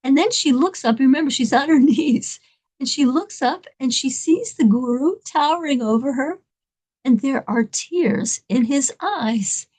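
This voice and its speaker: A woman telling an inspirational story in an animated, dramatic way, laughing between lines. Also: high-pitched, unhurried.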